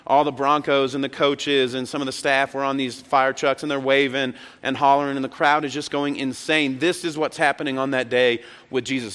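Male pastor, mid-pitched voice, preaching with big swings from hushed to shouting, long hall reverb. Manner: dramatic swings between hushed and shouted retellings. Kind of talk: sermon.

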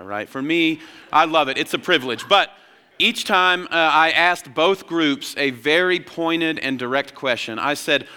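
A young man preaching a sermon as pastor, telling stories with lively energy and acting out childhood voices. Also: mid-range voice, clear, resonant tone. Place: large church hall. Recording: long hall reverb.

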